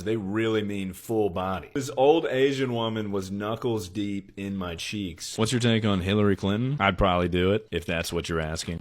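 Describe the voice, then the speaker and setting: A man telling crude jokes in a casual, deadpan way, as a streamer chatting with his viewers. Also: low-pitched.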